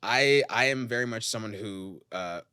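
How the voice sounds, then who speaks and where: A man, a comedian guest on a podcast, telling stories quickly and acting out quotes in a casual chat. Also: fairly low pitch, clear, resonant tone, no echo, studio quality. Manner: fast, animated storytelling with acted-out quotes.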